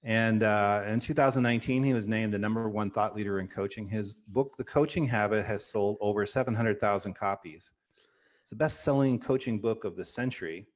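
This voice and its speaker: A middle-aged man with a fairly low-pitched voice hosts an interview. He talks conversationally and piles on enthusiastic praise for his guest, with plenty of ums and uhs along the way. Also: brisk. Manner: enthusiastic, effusive praise with fillers. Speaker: host. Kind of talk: warm conversational introduction.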